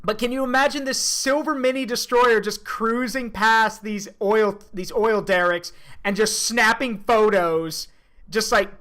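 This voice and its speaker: A streamer giving casual reaction commentary, joking and crude, thinking out loud. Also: mid-range voice, fairly even intonation, measured pace.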